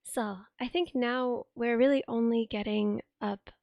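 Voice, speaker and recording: Young woman, sick voice, higher pitch, dry close sound, chatty streamer thinking aloud. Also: measured pace, creaky, no room sound, dull audio. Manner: chatty, thanks viewers excitedly, thinks aloud while tinkering. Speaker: livestreamer. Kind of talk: casual live stream chat. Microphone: desk streaming microphone.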